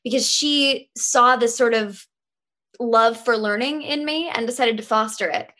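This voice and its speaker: Actress guest on a podcast, kinda high voice, thoughtful and articulate, laughs a lot. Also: female voice, unhurried, a bit bright. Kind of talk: casual interview chat.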